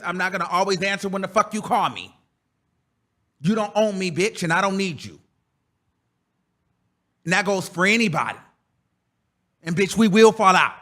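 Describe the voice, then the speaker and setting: A man's voice: sits high, pushed and bright. A man hosting a reaction show, ranting in a profane, confrontational and emphatic way. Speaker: commentary host. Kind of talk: heated reaction commentary.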